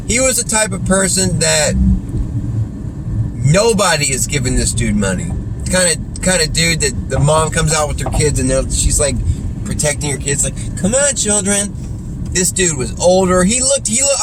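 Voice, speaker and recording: A man's voice: medium pitch, background noise. A man telling stories in a casual, rambling way, full of slang like "dude" and "freaking". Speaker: streamer.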